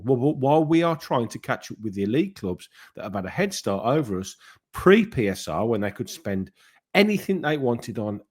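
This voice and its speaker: A man's voice: medium pitch, a little mellow. A man hosting his own football fan channel, giving his opinions in a casual, rambling monologue. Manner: conversational, rambling with fillers and restarts.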